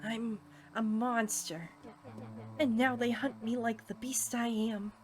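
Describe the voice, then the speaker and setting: A woman's voice: a little high, fairly even intonation, takes it slowly. A woman voicing a dejected, resentful young male monster in a game she reads aloud. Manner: sullen, resentful.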